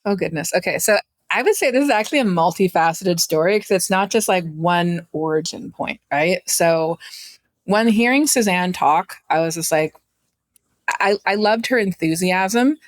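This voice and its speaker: A woman in her thirties from Canada, telling her story in a chatty, animated way as a guest on an interview podcast. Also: fairly low pitch, moderate pace, dry recording. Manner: animated, chatty, acts out quoted voices. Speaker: guest entrepreneur.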